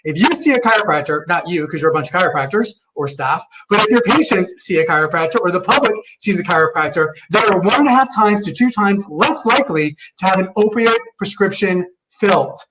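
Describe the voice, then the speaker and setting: A man speaking as a chiropractor on a webinar panel, quick and enthusiastic, often stumbling over repeated words. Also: high voice, expressive. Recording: distant, noisy video-call audio.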